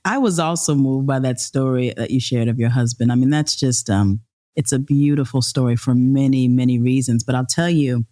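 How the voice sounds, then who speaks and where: A woman's voice: extremely low pitch, normal speed, dark tone. A woman hosting an interview podcast, affirming her guest with frequent agreement and easy laughter as she asks her questions. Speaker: podcast host. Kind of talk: conversational interview.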